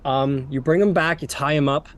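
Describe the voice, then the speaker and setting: A man's voice: on the high side, normal speed. A man narrating as game master in a tabletop game, talking casually and loosely. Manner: casual, rambling with fillers.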